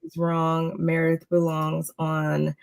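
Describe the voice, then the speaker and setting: A woman co-hosting a casual reality-TV recap chat, relaxed and chatty with many fillers. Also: sits low, slow, gravelly. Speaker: podcast co-host.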